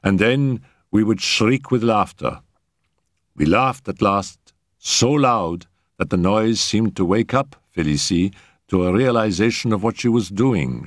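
A man narrating a first-person story aloud in an expressive, varied delivery. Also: on the low side, no room sound, studio quality. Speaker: audiobook narrator.

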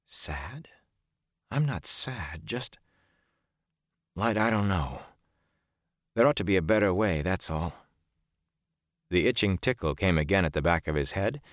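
A man narrating a fantasy audiobook in a steady, measured storytelling manner on a close studio mic. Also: low-pitched, no room sound.

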